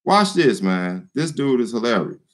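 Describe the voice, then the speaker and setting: A man hosting his own video channel, talking straight to his viewers in a joking, animated way. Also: medium pitch, moderate pace, very noisy. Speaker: YouTube channel host addressing viewers. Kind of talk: casual vlog commentary.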